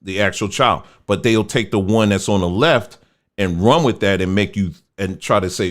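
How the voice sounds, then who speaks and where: The host, a man with a low voice, talks at a moderate pace while casually commenting on the pictures on screen. He sounds conversational and folksy, and he ridicules others by voicing their quotes.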